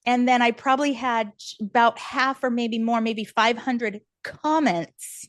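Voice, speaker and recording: A woman as a podcast guest, telling a candid personal story in an animated, earnest way, laughing often and acting out what others said. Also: fairly high pitch, measured pace, no room sound. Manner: animated, laughs often, acts out quoted voices; earnest and encouraging.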